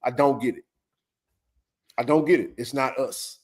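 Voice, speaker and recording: A man's voice: mid-range voice, unhurried, darkish tone. A man hosting a sports talk stream, ranting bluntly in casual, profane talk. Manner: heated, blunt ranting with frequent swearing.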